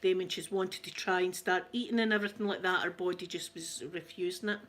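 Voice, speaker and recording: A woman's voice: on the low side, fast talker. Chatty Scottish woman telling stories. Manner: chatty, laughs often, animated quoted voices. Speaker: ASMR channel host. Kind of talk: casual storytelling chat.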